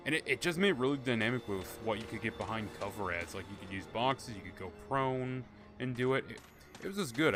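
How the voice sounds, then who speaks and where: A man's voice: medium pitch, fairly bright tone. A man commentating casually on his own live gameplay stream, rambling and joking with plenty of swearing. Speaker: game streamer. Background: game music and gunfire.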